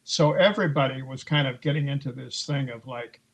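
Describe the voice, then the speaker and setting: A man guest in a casual chat, explaining in a measured, agreeable way. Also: mid-range voice, breathy edge.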